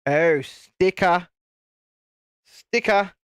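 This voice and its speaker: A man's voice: high voice, extremely slow, fairly bright tone, clear, resonant tone, no echo. A man hosting a casual live stream, chatting and laughing while he builds, with mild swearing and frequent restarts. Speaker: host.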